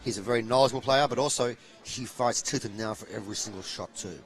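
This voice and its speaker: A man's voice: medium pitch, fast. A man hosting a live pool stream, eagerly promoting it and commenting at length.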